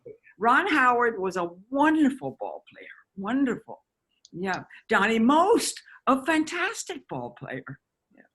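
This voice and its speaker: Husky woman in her nineties. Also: on the high side, wildly swooping pitch, a bit bright. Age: 90s. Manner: chatty, halting with restarts and laughter. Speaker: actress guest. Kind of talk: casual interview reminiscing. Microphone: video call.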